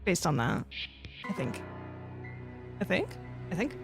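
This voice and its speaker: A woman's voice: lowish voice, very animated, slow pace, gravelly, faint music behind. A woman streaming a horror game, reading its text aloud, talking to herself and panicking and swearing at the game. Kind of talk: live gameplay commentary.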